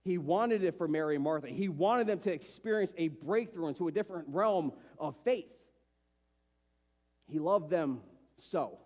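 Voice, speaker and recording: A man's voice: expressive, fairly quick, few pauses, darkish tone. A man pastor preaching a sermon with passion, acting out the voices of people he quotes. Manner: impassioned, acts out dialogue with rising pitch. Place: church sanctuary. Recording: long church hall reverb.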